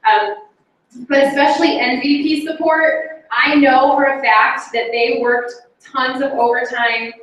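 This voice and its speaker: A chatty, bubbly woman speaks to her team at a meeting in a slightly high voice, with lots of fillers and little laughs. Her voice comes from some distance and rings around a very echoey room. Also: steady tone, unhurried, fairly bright tone. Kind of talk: casual motivational talk to a group. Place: meeting room with a live audience. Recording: very echoey room, mic far off.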